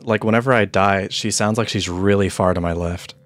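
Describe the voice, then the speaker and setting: A male streamer gives loose, joking commentary while he plays. He rambles, mock-complains and talks back to the game in a fairly low voice. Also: steady tone, fairly quick, background noise. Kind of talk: casual gameplay commentary.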